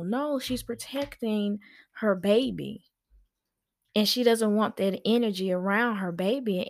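Slow-talking frank woman giving advice. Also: mid-range voice. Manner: frank, chatty, slow and emphatic. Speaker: podcast host. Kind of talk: casual advice monologue.

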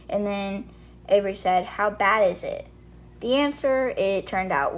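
A woman's voice: mid-range voice, a bit bright. A young woman hosting a book podcast, casually retelling chapters and reading quoted lines aloud, with lots of fillers like "like" and "and then she's like". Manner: chatty, filler-heavy retelling with quoted dialogue.

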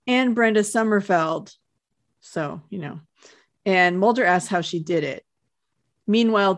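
Woman, podcast co-host, casual recap, chatty, laughs along. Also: medium pitch. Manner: chatty, laughs while retelling scenes.

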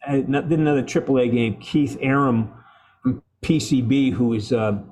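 A man who works as an actor, talking in a casual interview in a rambling, halting way with frequent laughter. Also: medium pitch, darkish tone. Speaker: actor guest.

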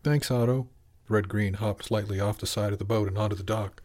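A man reading his own novel aloud as a steady, measured audiobook narrator. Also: fairly low pitch.

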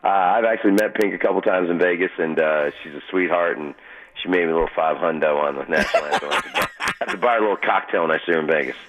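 A man calling in to a radio show as a sports betting guest, telling his stories in a boastful, rapid way. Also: deep voice, fairly bright tone. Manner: boastful, fast storytelling. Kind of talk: casual radio interview. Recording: phone-line call-in audio.

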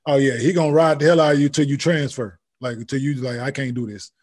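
A man's voice: on the high side, quick pace, darkish tone. Laid-back profane podcast host, man. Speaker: podcast host, former college basketball player. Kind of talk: casual chat.

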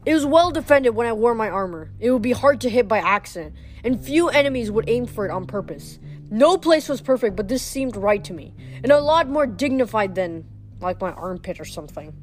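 A woman's voice: on the high side, lively intonation, fairly quick, soft background music. A woman reading a novel aloud in the first person, plainly and with small slips and restarts. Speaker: reader.

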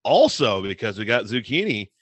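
A man's voice: on the low side, big pitch swings, moderate pace, slightly rough, no room sound. A man co-hosting a podcast, chatting casually in a playful, jokey way. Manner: playful, jokey, breaks into goofy sing-song bits. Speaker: podcast co-host. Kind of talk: casual chat.

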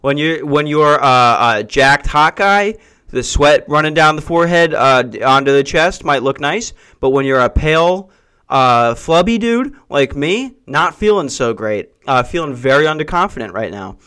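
A man's voice: a little high, animated, normal speed, bright, forceful tone, smooth. A man hosting a solo comedy podcast from a house, ranting in a crude, profane and self-mocking way. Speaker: podcast host. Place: hot brick house.

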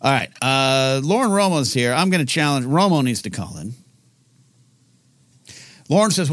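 A man hosting a live call-in show in casual chat, rambling and halting with many restarts. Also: on the high side, sing-song, a bit bright, no echo.

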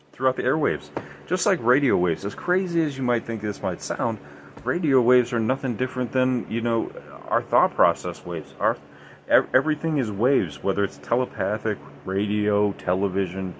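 Medium in pitch and animated, a male podcast host talks at a normal speed through casual paranormal stories, rambling and emphatic with frequent fillers. A little hiss or hum is present.

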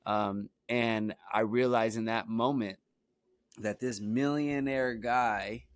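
A man's voice: medium pitch, fairly even intonation, slow pace, dry recording, studio quality. A young man from Brooklyn, New York, telling stories from his own life in a loose, rambling way, with plenty of "you know" and "like" fillers. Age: young adult. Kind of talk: casual storytelling.

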